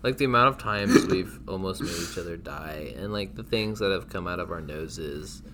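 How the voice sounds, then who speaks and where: A man's voice: deep voice, heavy background noise. Teasing young man on a podcast. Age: young adult. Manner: teasing, animated, quick to laugh. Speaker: podcast co-host. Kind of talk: casual chat.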